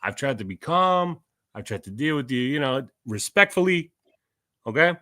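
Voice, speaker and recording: A man's voice: mid-range voice, expressive, moderate pace, bright, forceful tone, no echo, clean studio sound. A middle-aged man talking sternly in heated casual chat, lecturing and pressing for agreement. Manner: stern, lecturing, repeats "okay?".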